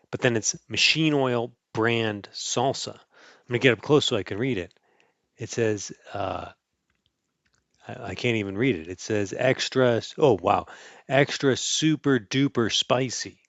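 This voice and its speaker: A man casually reading a picture book aloud to a child, playful and animated, adding sound effects and chuckles. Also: lowish voice, no echo. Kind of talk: casual storybook read-aloud.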